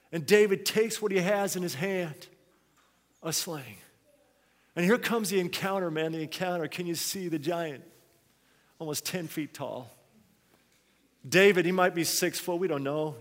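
A man preaches a sermon in a lively storytelling manner. He drops to low, quiet asides and then rises to loud, urgent exhortation. His fairly high voice carries a long hall reverb.

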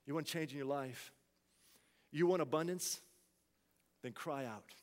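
A man preaching a sermon as pastor, swinging from hushed asides to loud, pleading cries. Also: a little high, unhurried, big-room sound.

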